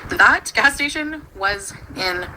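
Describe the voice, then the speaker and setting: A young woman, chatting on a home livestream in a rambling way with many fillers and quick laughs. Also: medium pitch, expressive. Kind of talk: casual livestream chat. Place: at home with her pets. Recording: noisy home stream recording.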